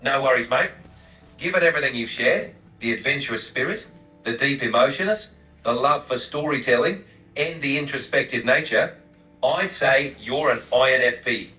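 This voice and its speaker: A man's voice: mid-range voice, moderate pace, pushed and bright, echoey room, far from the mic, faint music behind, lightly acted, low-quality recording. A male text-to-speech voice putting on an Australian accent, playing a cheery bloke giving a breezy, friendly read of someone. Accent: Australian (put on).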